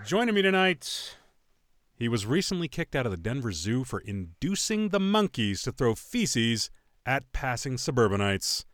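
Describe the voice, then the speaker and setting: Jokey podcast host man, lively voice. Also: medium pitch, normal speed, no echo, clean studio sound. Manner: jokey, laughs often, theatrical intro delivery. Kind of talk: casual podcast banter.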